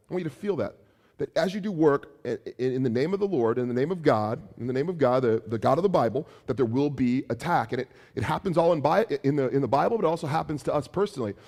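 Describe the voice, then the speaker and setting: A man preaching as pastor, animated, acting out taunts in a raised voice, with some restarts. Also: mid-range voice, in a large hall. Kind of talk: sermon.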